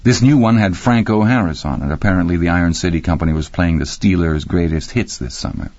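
A man reading an audiobook in a wry, expressive storytelling manner. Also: low-pitched, quick pace, no room sound. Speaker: audiobook narrator. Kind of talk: scripted narration. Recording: dry, slightly muffled recording.

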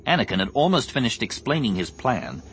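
A man narrating an audiobook in an expressive, measured storytelling voice, with music underneath. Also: medium pitch, a little hiss or hum. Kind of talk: scripted narration.

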